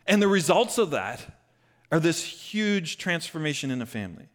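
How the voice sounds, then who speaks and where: A man preaching a conversational sermon, retelling a scripture story with lively bursts. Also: a little high, normal speed. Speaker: pastor.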